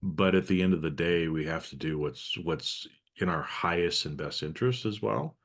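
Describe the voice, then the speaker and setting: Male host, very low voice, casual rambling delivery, many fillers. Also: normal speed, gravelly. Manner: loose, meandering, frequent fillers. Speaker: podcast host. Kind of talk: casual conversation.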